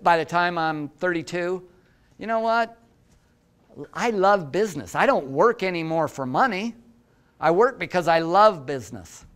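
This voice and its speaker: A man in his sixties, an entrepreneur, lectures students with lively, self-deprecating stories and asides to the audience. His voice is on the high side and smooth.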